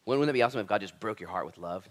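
A man preaching a sermon as pastor, impassioned and casual, swinging from loud emphatic lines to hushed near-whispers. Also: lowish voice, animated, rapid-fire. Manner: casual slangy address, says "dude" and "man".

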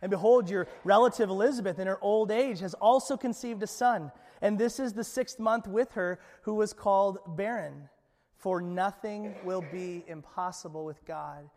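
A man preaching a sermon in an animated, conversational way, acting out voices from the Bible story and often repeating his words. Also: high voice, normal speed. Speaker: pastor. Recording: long church hall reverb.

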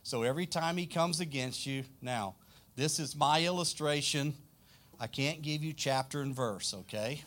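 A man's voice: fairly high pitch, normal speed, a bit bright. A man from South Louisiana with a Southern accent, preaching a sermon with emphatic questions to the congregation. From South Louisiana, United States. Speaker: pastor.

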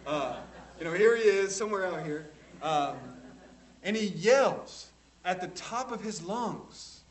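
Emphatic preacher man, high-ish voice. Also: lively intonation, a little slow, low-quality recording. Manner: emphatic, rhetorical tag questions. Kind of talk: sermon.

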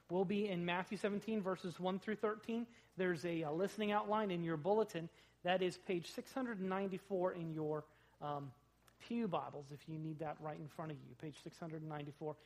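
A man preaching a sermon in a church, animated, rising loud on quoted lines and dropping low between them. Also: gravelly. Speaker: pastor. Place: church sanctuary.

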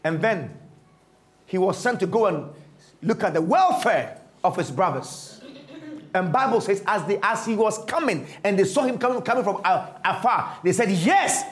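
A man preaching a sermon, retelling a scripture story dramatically and swinging from loud to hushed. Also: sits high, expressive, moderate pace, reverberant.

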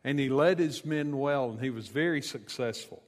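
A man's voice: medium pitch, moderate pace, big-room sound. A man preaching a sermon, retelling a scripture story in a conversational way with casual asides. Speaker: pastor.

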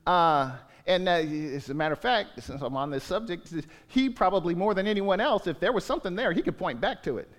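A man preaching a sermon as pastor, animated, swinging from quiet asides to raised exclamations and acting out quotes. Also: high-pitched, fairly quick, hardly any pauses. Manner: animated, with sudden rises and drops and acted-out quotes. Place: church sanctuary. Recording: long hall reverb.

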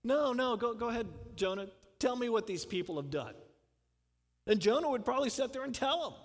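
A man's voice: high-pitched, in a large hall. A man preaching a sermon in a conversational way, putting questions to the congregation and chuckling. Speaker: pastor.

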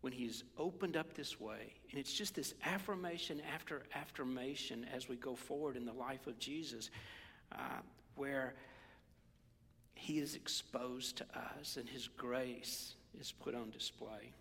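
A man preaching a sermon in a conversational, animated way, sometimes dropping to a whisper. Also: mid-range voice, a little slow, creaky, breathy edge, long reverb tail. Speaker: pastor.

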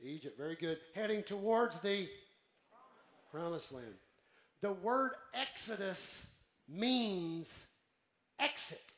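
A man preaching a sermon to a congregation, calling out for responses and building to shouts. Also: sits high, animated, takes it slowly, pauses often, reverberant. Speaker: pastor. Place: church.

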